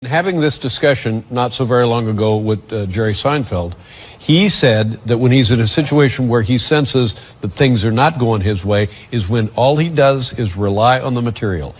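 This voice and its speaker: Measured male interviewer. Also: mid-range voice. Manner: measured, thoughtful questioning. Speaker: talk show host. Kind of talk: interview questions.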